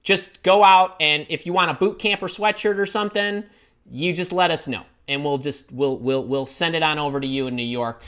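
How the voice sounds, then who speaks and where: A middle-aged man hosting a live career advice stream from home, talking in an excitable, scattered way as he reads the chat. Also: on the high side, moderate pace, clear, resonant tone. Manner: energetic, excitable, scattered while reading chat. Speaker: host.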